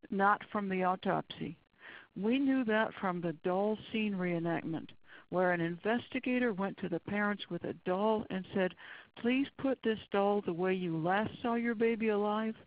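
A forensic pathologist lecturing in a webinar, earnest and blunt, hammering each point home. The voice is gravelly with a fry in it, sitting mid-range in pitch. The audio is dry and dull, with a lo-fi webinar sound. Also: dry recording.

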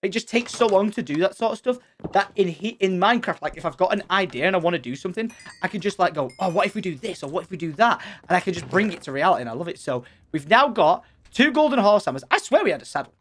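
A young man giving excited Let's Play commentary, chatting and thinking aloud as he plays. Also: high voice, fast, slight background noise. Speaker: gaming channel host.

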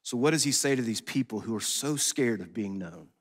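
A man pastor preaching a sermon in a conversational, animated way, acting out quotes as he goes. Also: medium pitch, a little fast. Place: church sanctuary. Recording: long hall reverb.

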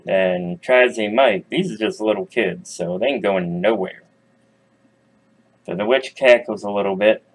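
A man with a fairly low voice retells a fairy tale as a crude comedy routine, swearing freely and breaking off to chat with his listeners. His delivery is casual and rambling. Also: a little slow, rough recording. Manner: loose, profane, chatty asides. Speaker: storyteller. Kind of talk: casual comic storytelling.

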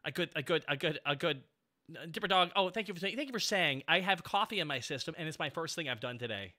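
High, bright, excitable man in his thirties. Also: quick pace. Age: 30s. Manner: excitable, breaks into sudden yelps and shouts. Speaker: streamer host. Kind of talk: casual stream chat.

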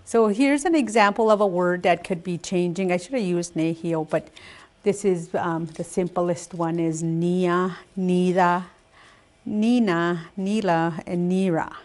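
An older woman gives a language lesson in a slow, careful voice. She sits a little low in pitch and says each word twice before she explains it. Her delivery is patient and unhurried. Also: fairly even intonation, darkish tone. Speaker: Cree language teacher.

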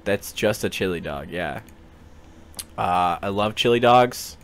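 A man with a somewhat low voice hosts a casual chat. He is laid-back and offhand and swears freely as he talks. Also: lively intonation, slow, soft background music. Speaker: host.

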